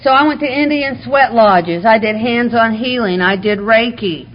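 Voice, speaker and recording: A woman's voice: a little high, normal speed. Heartfelt woman sharing her recovery story. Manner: heartfelt, candid, with wry humor. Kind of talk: personal testimony at a recovery meeting. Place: meeting room before a live audience. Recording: muffled lo-fi recording, faint hiss.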